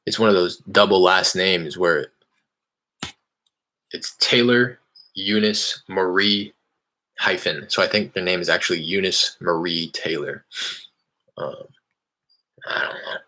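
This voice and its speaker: A man casually explaining real estate cold calls, rambling and candid, with an upbeat questioning pitch on the phone. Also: measured pace, pauses often, pushed and bright. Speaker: real estate wholesaler cold calling sellers.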